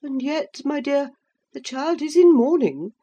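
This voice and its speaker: A woman's voice: high-pitched, lively intonation, measured pace, mellow, voice pushed up. A woman reading aloud and voicing a prim older lady of the manor, who speaks in an indignant, exclamatory way.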